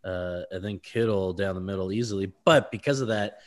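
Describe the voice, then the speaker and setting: A man co-hosting a casual sports podcast, rambling through his analysis with quick laughs and stumbling over names. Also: low-pitched. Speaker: podcast co-host.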